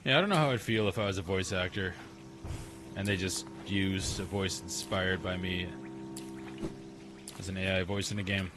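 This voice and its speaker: A man's voice: sits low, normal speed, pauses often, over music. A man casually chatting and muttering to himself while streaming a game. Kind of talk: casual gameplay commentary.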